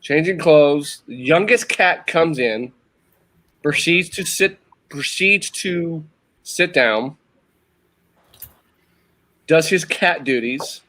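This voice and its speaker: A man's voice: a little high, expressive, takes it slowly, long pauses, sharp tone, low-quality recording. A man telling a funny story in casual chat, repeating lines for effect. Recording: faint background noise.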